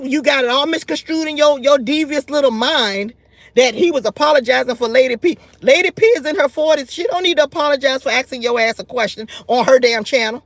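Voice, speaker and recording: A YouTube commentary host, a woman with a high voice, delivers a heated, scolding rant, often repeating herself and starting her words over. There's no room sound on the recording.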